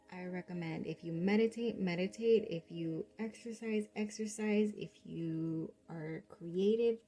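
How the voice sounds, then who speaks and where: A woman giving a pick-a-card tarot reading straight to the viewer, gentle and reassuring, calling them "love". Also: mid-range voice. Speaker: tarot reader.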